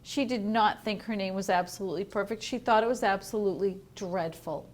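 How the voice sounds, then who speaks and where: A woman teacher reading a picture book aloud to young children in a home learning video, gentle and asking the listener questions. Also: mid-range voice, brisk. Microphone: home video recording.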